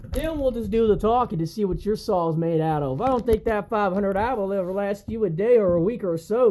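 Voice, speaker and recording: Brash male vlogger, rambling and profane, dark mellow tone. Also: high-pitched, slight background noise, poor audio. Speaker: chainsaw collector vlogger. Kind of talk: casual vlog rant.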